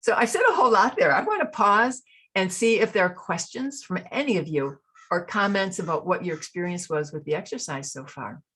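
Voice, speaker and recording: Husky, soothing woman leading a mantra exercise. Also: fairly low pitch, expressive, a bit bright. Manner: soothing, repeats mantras slowly and rhythmically. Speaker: coach leading an online workshop. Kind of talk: guided embodiment exercise.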